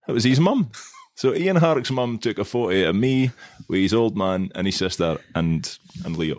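Deep-voiced Scottish man telling a story. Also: expressive, normal speed, few pauses, darkish tone, dry recording, clean studio sound. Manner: rambling, self-mocking anecdote teller. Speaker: podcast co-host. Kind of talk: casual storytelling chat.

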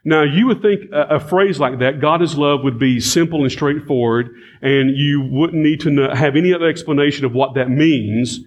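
A man's voice: fairly high pitch, moderate pace, hardly any pauses, highs cut off. A man preaching a sermon, reading scripture and repeating key phrases with emphasis as he addresses the congregation.

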